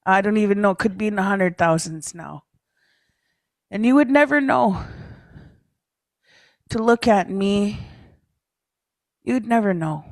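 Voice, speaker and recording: Unhurried woman telling stories. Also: mid-range voice, dry recording. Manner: chatty, self-mocking, laughs often, tags lines with "eh?". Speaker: speaker at a leaders' caucus. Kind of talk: personal storytelling talk.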